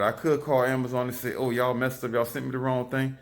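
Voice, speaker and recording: A man, telling lively stories into his phone camera in a casual vlog. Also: mid-range voice, quick pace, few pauses. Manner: animated, repetitive, lively storytelling. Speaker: vlogger.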